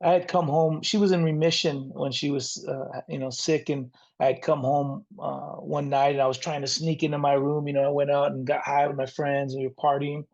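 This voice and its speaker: A middle-aged rock frontman from the San Diego area, near the Mexican border, tells his life story as an interview guest, earnest, reflective and faith-centered. His slightly high, gravelly voice has a darkish tone and little pitch movement, and he speaks briskly with few pauses. The sound is lo-fi.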